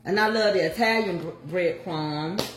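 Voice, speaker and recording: A woman's voice: on the low side, unhurried, roomy sound, noisy background. An older woman chatting folksily to viewers as she walks through a home recipe. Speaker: home cook showing a recipe. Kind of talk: casual cooking chat.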